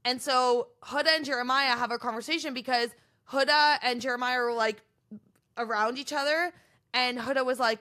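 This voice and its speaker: A young woman hosting a podcast, chatting in an animated, gossipy way and acting out what others said. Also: high voice, moderate pace. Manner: animated, gossipy, acts out quoted contestants. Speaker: podcast host recapping reality TV. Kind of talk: casual chatty recap.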